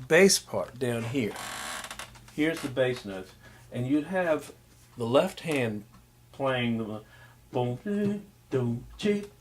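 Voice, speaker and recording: A man's voice: mid-range voice, a little hiss or hum. A man teaching a music class, loosely explaining jazz rhythm and scatting and humming the patterns to demonstrate. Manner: scats and hums rhythms to demonstrate; unhurried, loose, with many fillers. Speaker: music instructor. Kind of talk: recorded lecture.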